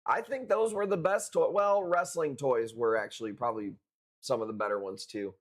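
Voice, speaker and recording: A man hosts a live coral sale. He talks in a laid-back, unhurried way, swears often and leans on street slang, with his voice sitting at an ordinary middle pitch. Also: steady tone. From Chicago. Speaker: live-stream coral seller. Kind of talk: casual live-stream chat.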